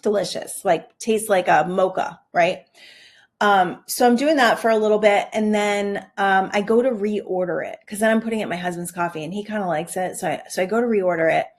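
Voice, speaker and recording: A middle-aged woman hosting a podcast, telling a story in a chatty, animated way, often acting out what she said in asides. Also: medium pitch, brisk. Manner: chatty, animated, many "like" fillers and quoted asides. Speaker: podcast host. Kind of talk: casual storytelling monologue.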